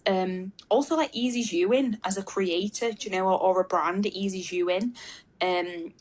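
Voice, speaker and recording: Low-pitched woman musing casually. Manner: thinks aloud with frequent fillers and restarts. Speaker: marketing expert guest. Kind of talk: casual interview answers. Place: video call webinar.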